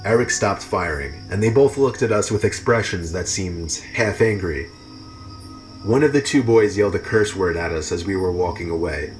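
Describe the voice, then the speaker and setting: Low-voiced man narrating horror stories. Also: soft background music. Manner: even, measured storytelling. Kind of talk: scripted narration.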